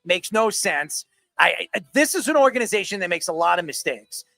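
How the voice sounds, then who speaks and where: A man co-hosting a sports talk show, giving emphatic, animated takes. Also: high voice, brisk, creaky, no echo. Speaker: co-host.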